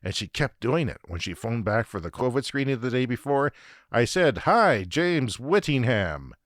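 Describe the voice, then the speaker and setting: A man's voice: medium pitch, animated, normal speed, dry recording, studio quality. A Canadian man hosting a podcast and telling a comic story in a profane, ranting, self-deprecating way. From Saskatchewan, Canada. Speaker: podcast host. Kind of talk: comedic storytelling monologue.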